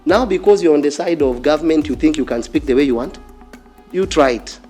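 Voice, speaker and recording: Fiery Kenyan pastor, mellow voice. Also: male voice, on the high side, brisk, faint music behind. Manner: forceful, repeats phrases, challenges listeners directly. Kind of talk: fiery sermon.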